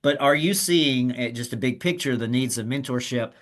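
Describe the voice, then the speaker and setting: A man's voice: medium pitch, normal speed, fairly bright tone. Male host, asks long meandering questions, full of restarts. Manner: rambling, restarts, many fillers. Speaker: podcast host. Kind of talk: interview questions.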